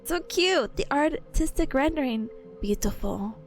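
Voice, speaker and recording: High-pitched giggly woman streaming a game. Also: animated, measured pace. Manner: playful, giggly, reads game text aloud.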